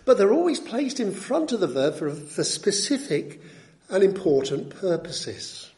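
A man's voice: sits high, sing-song, a little slow, a little mellow. A man preaching an expository sermon, teaching in an emphatic, teacherly way and repeating key phrases for weight.

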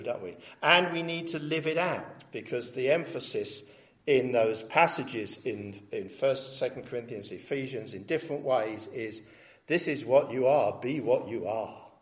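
A man preaching, reading each verse with rising emphasis before explaining it in plainer speech. He slows down to stress the words that matter. His voice sits at an ordinary pitch for a man. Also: animated. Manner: reads scripture aloud with rising emphasis, then comments plainly; deliberate, stresses key words. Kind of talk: expository sermon.

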